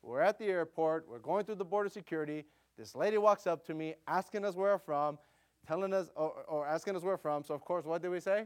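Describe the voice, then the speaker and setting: A middle-aged American man preaching a sermon as a missionary, telling stories in an animated way and calling out to his audience. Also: on the high side. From United States. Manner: animated, quick storytelling with audience call-outs. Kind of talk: storytelling sermon.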